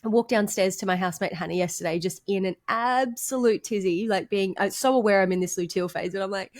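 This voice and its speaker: A bubbly young woman chats on a podcast, laughing often and filling her talk with "like". Her voice sits at an ordinary middle pitch for a woman, and she keeps the tone loose and friendly. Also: fast talker, hardly any pauses, darkish tone. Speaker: podcast co-host. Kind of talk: casual chat.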